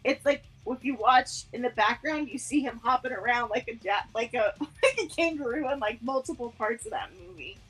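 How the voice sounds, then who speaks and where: A woman's voice: fairly high pitch, fairly quick, breathy edge, faint music behind. A woman co-hosting a podcast, chatting casually and acting out movie scenes with lots of laughter. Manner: animated, laughing storyteller who acts out movie scenes. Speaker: podcast co-host. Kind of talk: casual chat.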